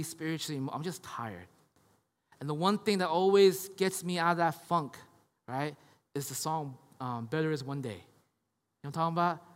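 A man in his thirties, a pastor preaching a conversational sermon, often asking "right?" and moving between hushed and loud passages. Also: on the high side, big-room sound. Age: 30s. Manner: conversational, tag questions, swings from hushed to loud.

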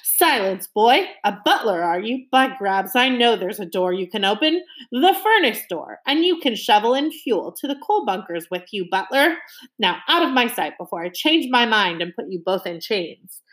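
A woman voicing a gruff, bellowing older male sea captain in an audiobook reading. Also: mid-range voice, sing-song, moderate pace. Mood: blustering. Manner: loud, blustering, barking orders.

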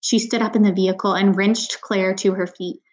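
A woman's voice: mid-range voice, steady tone, moderate pace. A woman reading a novel aloud in a plain voice, stopping now and then for casual asides, with small slips in her reading. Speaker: audiobook reader.

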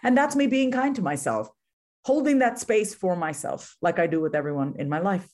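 A woman's voice: on the low side, animated, normal speed, darkish tone. A woman in her thirties, an author talking candidly and earnestly, peppering her talk with "like" and "right?". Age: 30s. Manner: earnest, frequent "right?" and "like" fillers. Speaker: guest author.

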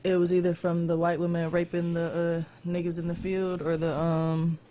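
A woman's voice: lowish voice, flat delivery, moderate pace, mellow, a little hiss or hum. A young woman, speaking bluntly in a casual podcast chat. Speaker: podcast co-host.

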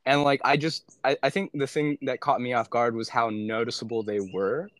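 A man's voice: medium pitch, fairly even intonation, normal speed, fairly bright tone, dry recording. A young man and former aid worker chatting casually as a podcast guest, rambling with many filler words and frequent swearing. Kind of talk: casual chat.

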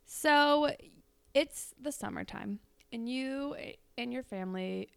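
A young woman co-hosts a podcast and spins a playful story, giggling and sprinkling "like" everywhere. Her voice sits a little high, with a gravelly fry at the ends of phrases and a smooth, resonant tone. The sound is dry and close. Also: takes it slowly, dry recording. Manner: bubbly, giggly, lots of "like". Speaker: podcast co-host. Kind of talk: casual chat, improvised fan fiction.

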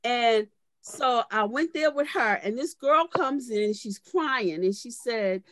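A woman's voice: on the high side, expressive, slow pace, dry recording. A woman pastor delivering a sermon, moving from conversational storytelling to fervent preaching and calling out to members of her congregation by name.

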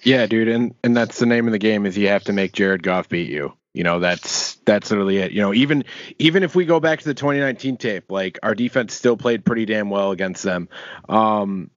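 A man talking football casually on a podcast, halting and filling gaps with "you know". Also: fairly low pitch, dry recording. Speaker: sports podcast co-host. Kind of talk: casual sports chat. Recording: dry, dull lo-fi audio.

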